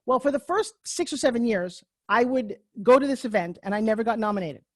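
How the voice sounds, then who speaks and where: A woman's voice: fairly high pitch, animated, fairly quick, a little mellow, no echo. A middle-aged woman with a Long Island New York accent, telling her life story on a video call in a brash, candid, self-mocking way and swearing freely. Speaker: speaker giving a talk on a video call. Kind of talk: personal storytelling talk. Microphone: computer mic on a video call.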